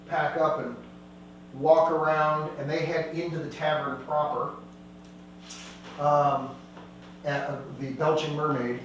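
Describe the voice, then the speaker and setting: A man narrates a tabletop game as game master, rambling and catching his own slips. His voice sits slightly high and comes from away from the mic. The room rings with echo over a faint hiss. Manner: rambling, self-correcting narration. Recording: distant echoey room with faint noise.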